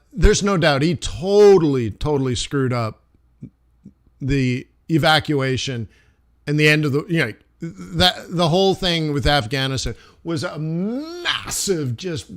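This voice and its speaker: A man's voice: a little high, a bit bright. A middle-aged man, a forex trader, talking casually and rambling on a live stream, with restarts and acted asides. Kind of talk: casual livestream commentary.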